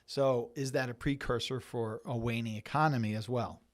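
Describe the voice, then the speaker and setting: A man hosts a financial webinar at a middle pitch, stopping often on fillers and restarting his sentences as he reads out market quotes. The sound is dry and close, with no room around it. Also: fairly even intonation, normal speed, no room sound. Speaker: financial planner hosting a webinar. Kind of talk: webinar talk reading and explaining market news.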